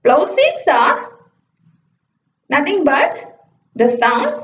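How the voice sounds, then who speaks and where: A woman teaches at an unhurried pace. Her high voice rises and falls a lot as she explains each point. The sound is roomy and slightly muffled, like a lo-fi classroom recording. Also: wildly swooping pitch, a bit bright. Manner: explains step by step, often saying "okay". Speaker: lecturer. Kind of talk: slide-based phonetics lecture. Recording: echoey, dull lo-fi room recording.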